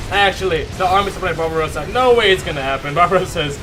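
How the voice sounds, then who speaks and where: A young man casting a strategy game live from his home attic, excitable, laughing often and chatting with his viewers. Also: fairly high pitch, quick pace, hardly any pauses, slight background noise. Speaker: esports caster. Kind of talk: live game commentary with chat banter.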